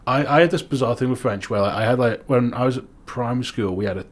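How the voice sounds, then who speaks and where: A young man with a Manx accent, co-hosting a casual chat podcast, who swears freely and gets animated when he rants. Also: mid-range voice, quick pace. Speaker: podcast co-host.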